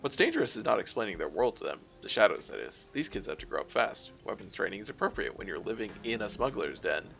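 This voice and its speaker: A man reads a fierce little orc woman with a Filipino accent, gruff and rapid-fire, proud of her work. The voice sits low but jumps around, with a heavy gravelly fry. Game music plays faintly underneath. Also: big pitch swings, fairly bright tone, full character voice, rough recording. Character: fierce small female orc nanny, proud and protective.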